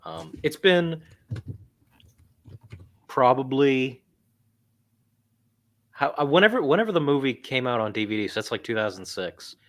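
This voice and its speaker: A man joining a casual book club chat, talking with excited enthusiasm. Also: measured pace, pauses often. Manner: very lively pitch, enthusiastic and excitable.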